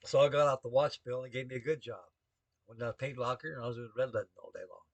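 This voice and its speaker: Older navy vet rambling a salty story, dry close sound, folksy talk. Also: male voice, mid-range voice, fast, vocal fry, no room sound. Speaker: navy veteran telling a story. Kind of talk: rambling spoken anecdote to the camera.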